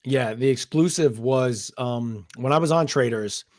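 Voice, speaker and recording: A man's voice: medium pitch, measured pace, no echo, clean studio sound. A young man from New Jersey, a guest in an interview, telling a long story in a rambling way with lots of quoted asides. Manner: rambling, animated retelling with many "I was like" quotes.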